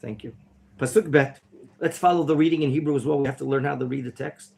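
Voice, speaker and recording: A man teaching an interactive Torah class in a classroom, quizzing his students and now and then bursting into theatrical excitement. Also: mid-range voice, quick pace, gravelly. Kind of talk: interactive Bible lesson. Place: classroom at a yeshiva.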